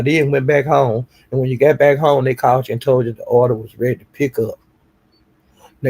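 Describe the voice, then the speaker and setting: A man ranting on a live stream, taunting someone with profane insults and slow, drawn-out jabs. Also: medium pitch, vocal fry, a little mellow, slightly rough. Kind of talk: heated live-stream rant.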